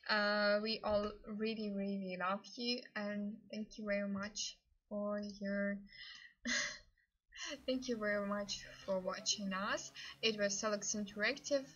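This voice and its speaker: Woman, game stream host, excitable, laughs a lot, slow delivery, bright tone. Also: medium pitch, highs cut off. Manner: excitable, laughs often, non-native grammar. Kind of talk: live stream gameplay commentary.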